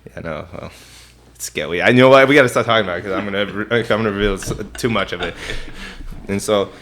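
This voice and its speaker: A man's voice: fairly low pitch, fast talker, a bit bright, a little hiss or hum. Playful stammering man co-hosting. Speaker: podcast co-host. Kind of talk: casual chat.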